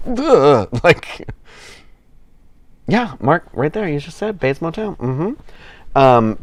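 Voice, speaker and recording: A man's voice: on the low side, darkish tone. A man hosting a casual livestream, chatting with his viewers in a rambling, enthusiastic way, full of fillers and restarts, a little tired. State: yawning, tired. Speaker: livestream host.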